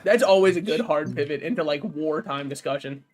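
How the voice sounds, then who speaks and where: High-voiced joking young man streamer. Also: fairly quick, soft background music. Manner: joking, rambling, laughs at own jokes. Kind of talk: casual gaming stream chat.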